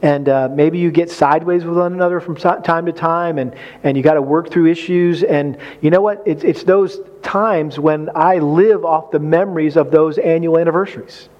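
A man's voice: on the high side, steady tone, normal speed, hardly any pauses, muffled recording. A man preaching on marriage in a folksy, conversational way, acting out quotes with humor. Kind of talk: sermon.

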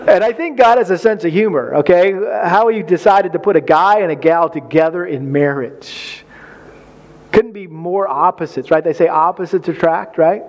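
A man's voice: high-pitched, a little fast. A man preaching on marriage in a folksy, conversational way, acting out quotes with humor. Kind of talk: sermon.

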